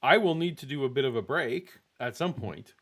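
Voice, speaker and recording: A man hosting a casual live stream at a middle pitch. He talks in a hesitant, halting way and often restarts. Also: expressive, a bit bright. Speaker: host.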